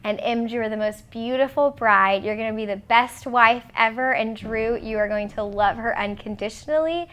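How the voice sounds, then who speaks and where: A woman's voice: a little high, normal speed, hardly any pauses, fairly bright tone. A woman, the bride's sister, giving a gushing, emotional wedding video message.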